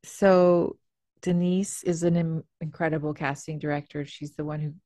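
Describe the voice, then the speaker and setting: A woman's voice: low voice, fairly even intonation, moderate pace, dark tone, no room sound, clean studio sound. A woman guest on a podcast, chatting casually and laughing often with lots of fillers. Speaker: actor and comedian guest.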